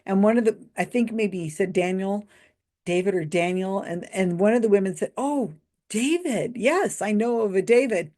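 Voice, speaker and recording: Woman commentator, middle pitch, chatty and amused, laughs a lot. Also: normal speed, darkish tone. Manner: amused, laughs often while retelling. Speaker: YouTube commentator; mentalist. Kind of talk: casual commentary monologue.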